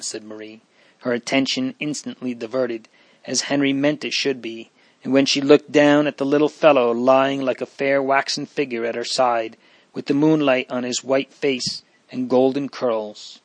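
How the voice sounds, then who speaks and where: A man narrating a period novel in a measured, even storytelling voice. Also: mid-range voice, dry recording. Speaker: audiobook narrator.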